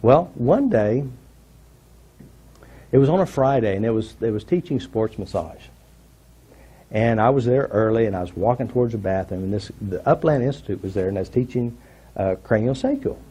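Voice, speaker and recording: A man's voice: medium pitch, animated, moderate pace, dark tone, slightly rough. A man telling a personal story to an audience, acting out what people said and asking the audience questions. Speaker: workshop speaker.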